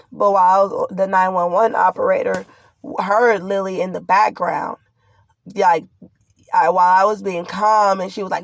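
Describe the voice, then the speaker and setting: A woman's voice: medium pitch, little pitch movement, normal speed, creaky, dry recording. A pregnant woman recounts a frightening ordeal in an urgent, rambling, fearful way. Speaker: vlogger. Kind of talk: distressed personal account to camera.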